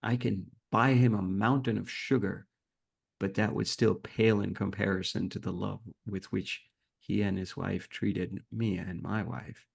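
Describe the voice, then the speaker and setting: A man's voice: fairly low pitch, measured pace, gravelly, husky. A man, a podcast guest, earnestly telling a reflective personal story and acting out the dialogue. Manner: earnest, reflective, animated when retelling dialogue.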